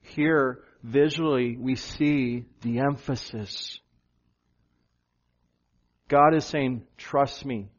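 Guy preaching a sermon, gets excited and goes high on the punchlines, kinda dull sound. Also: drawn-out words, pauses often. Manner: animated preaching, rising pitch for emphasis. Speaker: pastor.

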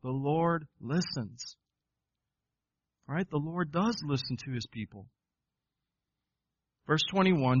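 A man's voice: fairly high pitch, takes it slowly, long pauses, slightly rough, no room sound, dull audio. Earnest man preaching through scripture. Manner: earnest, addresses listeners as folks and guys; reads scripture with rising emphasis, repeats words when excited. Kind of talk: sermon with scripture reading.

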